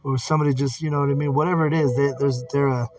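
A man's voice: medium pitch, fairly even intonation, racing. A man reading scripture aloud and commenting on it in a casual, blunt way, often swearing. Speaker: Bible teacher. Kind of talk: casual Bible study commentary. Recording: distant mic with singing bowl music.

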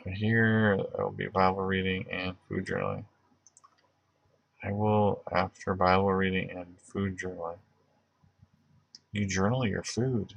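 Man, gravelly low voice, rambling casual livestream chat, dry close sound. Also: little pitch movement, a little slow, dry recording, lo-fi sound. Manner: loose, rambling, many fillers and restarts. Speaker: livestream host.

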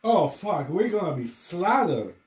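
A man's voice: high voice, sing-song, unhurried, a little mellow. Podcast co-host, man, blunt and profane, roomy echo. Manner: blunt, swears a lot, broken English grammar. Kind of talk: casual chat. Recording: echoey room.

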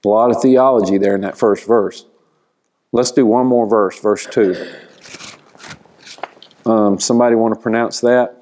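A man teaching a church Bible class, explaining slowly and asking the class questions. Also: on the low side, fairly even intonation, a little mellow.

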